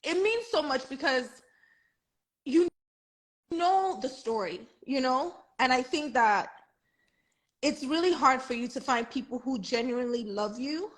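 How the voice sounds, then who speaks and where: A woman's voice: high voice, lively intonation, a little slow, long pauses. A woman in her thirties hosting a casual interview, reacting playfully. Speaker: host.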